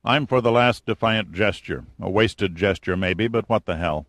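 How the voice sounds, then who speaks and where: A man's voice: lowish voice, moderate pace, a bit bright, no room sound. A man voicing a wry, daring adventurer who stays cool under threat, with dry, cocky humor. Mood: defiant.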